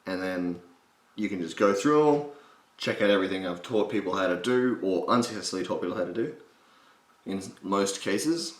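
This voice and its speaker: Jokey man with a gravelly edge. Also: low voice, animated, moderate pace. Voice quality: slight gravel. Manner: swears casually, jokey. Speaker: voice impression tutor. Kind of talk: casual tutorial chat. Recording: roomy echo.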